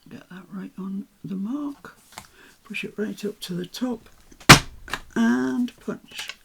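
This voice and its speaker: Woman, lowish gravelly voice, unhurried crafting talk, clicking tools and noise behind. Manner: chatty, self-talking while working, soft asides. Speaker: papercraft vlogger. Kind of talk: casual crafting commentary.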